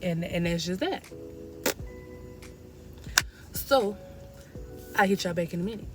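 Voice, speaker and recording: A woman's voice: lowish voice, lively intonation, takes it slowly, over music. Rambling woman vlogging from her car. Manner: rambling, repeats "like I said". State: out of breath. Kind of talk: casual talk to camera. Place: parked car.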